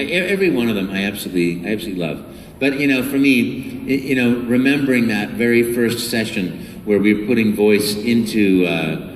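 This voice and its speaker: A man who is a voice actor answering fan questions at a convention panel, enthusiastic and animated, full of restarts, recorded by phone from the audience. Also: mid-range voice, slight background noise. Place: large convention hall. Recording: echoey hall from far off, phone.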